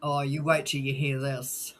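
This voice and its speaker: Kiwi-accented podcast co-host, teasing storyteller, middle pitch, faint noise behind. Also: flat delivery, measured pace, a bit bright, poor audio. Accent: New Zealand. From New Zealand. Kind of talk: casual chat.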